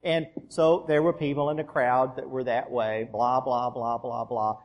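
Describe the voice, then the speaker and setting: A man pastor giving a sermon in a church, telling the story conversationally and dropping soft for emphasis. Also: mid-range voice, level tone, unhurried, long reverb tail, lo-fi sound.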